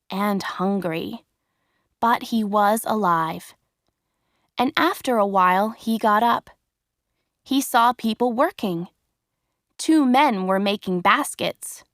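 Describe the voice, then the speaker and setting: Slow, clear woman storybook narrator. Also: mid-range voice, no echo, clean studio sound. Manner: clear, expressive, carefully paced. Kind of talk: slow storybook reading for learners.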